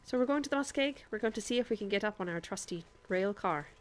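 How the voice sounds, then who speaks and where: A woman's voice: mid-range voice, animated, fast talker, a little hiss or hum. A woman streamer chatting to her viewers in a put-on Irish accent while she plays a game, often laughing as she talks. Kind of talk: live gameplay commentary.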